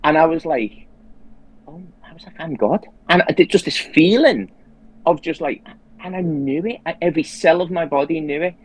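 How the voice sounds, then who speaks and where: Husky man telling his story earnestly. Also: on the high side, normal speed, poor audio. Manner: earnest storytelling, quoting his own inner voice. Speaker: guest. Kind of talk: casual conversation.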